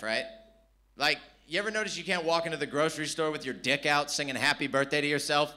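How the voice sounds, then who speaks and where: A man's voice: a little high, fast, sharp tone. A man from San Diego, performing brash, profane stand-up with crowd work at a live comedy venue. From San Diego, California.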